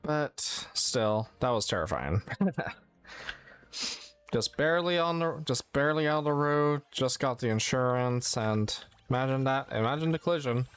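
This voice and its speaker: A man's voice: mid-range voice, expressive, normal speed, fairly bright tone, smooth. A man streaming a game, chatting casually and rambling, often correcting his own words. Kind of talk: casual gameplay chat.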